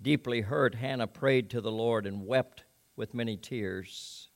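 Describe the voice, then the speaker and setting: A preacher delivering a sermon, reading scripture and making conversational, folksy asides to the congregation. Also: male voice, fairly low pitch, a little slow.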